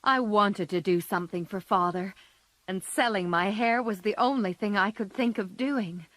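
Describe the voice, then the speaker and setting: A woman's voice: medium pitch, normal speed, a bit bright, no echo, lightly acted. A woman voicing a spirited, impulsive teenage girl who speaks earnestly.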